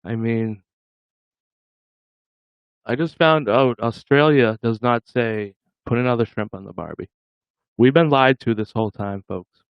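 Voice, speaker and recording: A man's voice: medium pitch, a little slow, pauses often, clean tone, no echo. Guy chatting on his livestream, dry dull-ish sound, laughs a lot. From Massachusetts. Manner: jokey, laughing often, chatting with viewers. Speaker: livestream host. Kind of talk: casual livestream chat.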